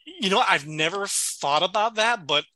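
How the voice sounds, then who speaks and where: Bright-voiced man in a casual podcast chat. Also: high-pitched, normal speed, no room sound. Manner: animated retelling, acts out quoted dialogue, laughs often. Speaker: podcast co-host. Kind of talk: casual chat recapping a sitcom episode.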